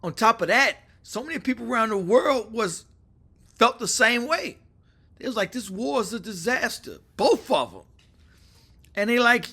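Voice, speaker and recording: A man talks through a casual opinion monologue, loose and animated. His voice sits high for a man and has a bright, forceful edge. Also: a little slow. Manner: animated, acts out quoted phone calls. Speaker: political commentator.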